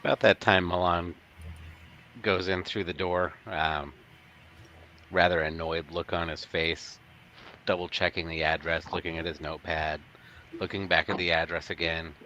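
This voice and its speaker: A man's voice: low-pitched, fairly even intonation, moderate pace, long pauses, sharp tone, lo-fi sound, slight background noise. A man playing in a tabletop role-play game, narrating his character's actions in a dry, laid-back way. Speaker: player.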